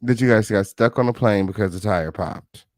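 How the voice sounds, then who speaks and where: A man's voice: on the low side, moderate pace, no room sound. A man hosting a gossip show, reacting to a clip with profane, mocking commentary. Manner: profane, mocking, loud laughs.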